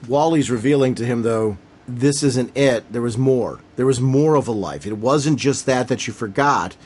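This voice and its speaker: Podcast co-host, man, middle voice, excitable, retells scenes with gusto. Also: mid-range voice, normal speed. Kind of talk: casual comics discussion.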